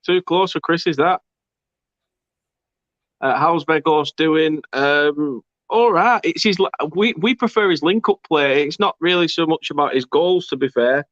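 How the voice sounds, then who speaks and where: A man's voice: on the high side, a little slow, a bit bright, dry recording. A man hosting a football fan watchalong, chatting casually, reading out viewer comments and laughing often. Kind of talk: casual match commentary chat. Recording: dry, dull lo-fi sound.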